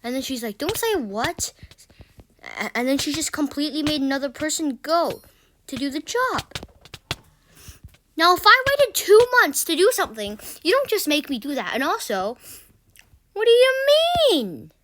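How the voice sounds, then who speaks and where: High-voiced woman rambling through stories. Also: very animated, moderate pace, noisy background. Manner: rambling, stammering restarts, exasperated asides. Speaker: gaming channel vlogger. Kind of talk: casual storytelling vlog.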